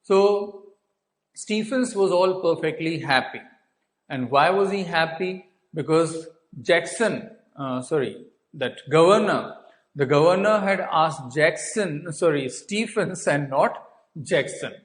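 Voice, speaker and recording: Man, indian english accent, teacher going over a story, slow deliberate delivery, slightly high voice, repeats points. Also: lively intonation, rough recording. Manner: asks and answers his own questions; restates points, fills with uh and so. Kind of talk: explaining a textbook story to students.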